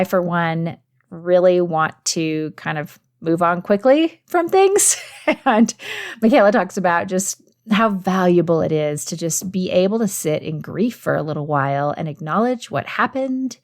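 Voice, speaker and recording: A woman's voice: on the low side, animated, measured pace. A woman hosting a Christian podcast, introducing the episode in an earnest, encouraging way and talking straight to her listeners. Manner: earnest, encouraging, warmly direct address to listeners; conversational with occasional fillers. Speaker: podcast host.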